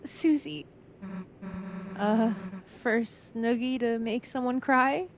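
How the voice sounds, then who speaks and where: A woman voicing a gentle, shy boy prince from a game, soft and earnest. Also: on the high side, slow, slight background noise, pitched above the performer's own voice.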